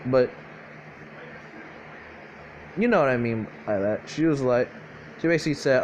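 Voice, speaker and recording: A man's voice: mid-range voice, animated, a little slow, pauses often, darkish tone, slight background noise. A young man casually improvising a fan-fiction story aloud, rambling and profane, full of fillers and self-corrections.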